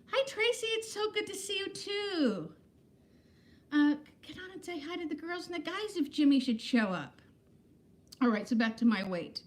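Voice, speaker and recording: A woman's voice: medium pitch, a little mellow. A woman in her fifties, chatting candidly and self-deprecatingly to viewers on a casual livestream from her home, greeting them by name. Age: 50s. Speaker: livestream host. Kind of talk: casual live-stream chat.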